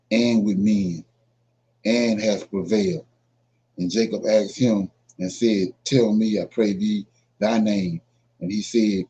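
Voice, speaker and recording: A man's voice: lowish voice, dark tone. A man leading an informal Bible study. He reads verses aloud, then explains them with emphasis and keeps asking "right?". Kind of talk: informal scripture teaching. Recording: dull lo-fi recording.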